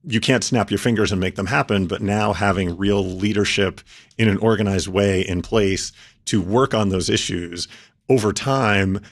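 A man answering interview questions, laying out his points in a measured, methodical way. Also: on the low side. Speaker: policy expert guest.

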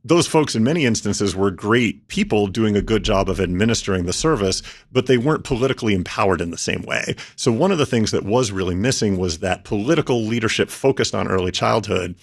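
A man answering interview questions, laying out his points in a measured, methodical way. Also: lowish voice, animated. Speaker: policy expert guest.

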